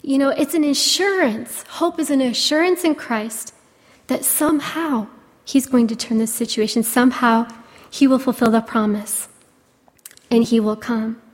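A woman preaching a sermon, speaking in an earnest, gentle way with many "you know" fillers. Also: a little high, measured pace, in a large hall.

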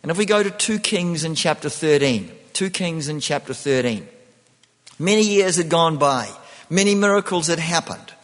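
A man's voice: on the high side, animated, moderate pace, a bit bright, in a large hall. A man preaching a sermon, often repeating himself and restarting phrases.

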